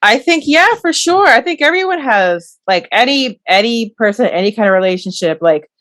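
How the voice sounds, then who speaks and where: A woman's voice: fairly high pitch, animated, moderate pace, a bit bright, dry recording, studio quality. A young woman co-hosting a podcast in casual chat, teasing with wry asides. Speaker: podcast co-host.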